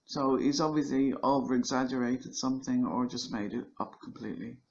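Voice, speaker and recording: A woman's voice: a bass voice, brisk, darkish tone, highs cut off. A middle-aged woman giving critical commentary on a video clip, in an indignant and dismissive way.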